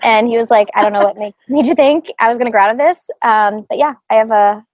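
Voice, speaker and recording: A chatty middle-aged woman with a higher-pitched voice, talking on a remote call with a dry, close sound. She laughs often and keeps restarting her sentences with plenty of fillers. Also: fast, dry recording, highs cut off. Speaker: guest, group practice owner. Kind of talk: casual conversational interview.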